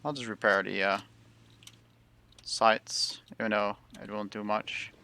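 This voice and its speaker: A man's voice: on the low side, flat delivery, a little slow, vocal fry, pushed and bright. A man streaming a tank game live, rambling through casual commentary and often breaking off mid-sentence. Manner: rambling, self-interrupting casual talk.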